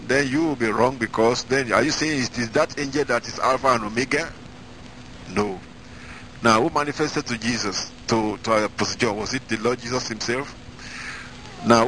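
A man preaching as an evangelist, reading scripture slowly and with emphasis, then explaining it. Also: mid-range voice, pushed and bright, a little hiss or hum, rough recording. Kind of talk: Bible-reading sermon.

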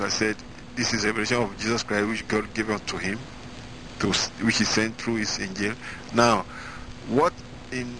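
A man preaching as an evangelist, reading scripture slowly and with emphasis, then explaining it. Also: lowish voice, sharp tone, a little hiss or hum, poor audio. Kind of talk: Bible-reading sermon.

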